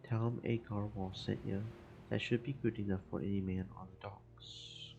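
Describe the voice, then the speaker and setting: A man voicing a gruff, plain-spoken old sailor who cannot abide dishonesty. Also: on the low side, fairly even intonation, moderate pace, mellow, soft background music, poor audio. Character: old seafaring man, blunt and honest.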